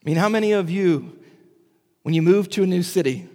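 A man preaching a sermon as pastor, moving between animated asides and hushed, slow emphasis. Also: high voice, in a large hall.

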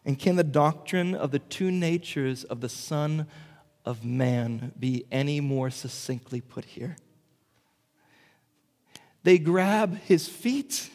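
Pastor with a slow, reverberant delivery. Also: male voice, mid-range voice. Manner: expressive, shifts from animated to hushed and slow. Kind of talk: sermon.

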